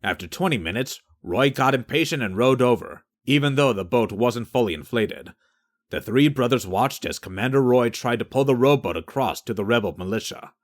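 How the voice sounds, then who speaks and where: A man narrating a science fiction audiobook in a steady storytelling manner. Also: mid-range voice, moderate pace.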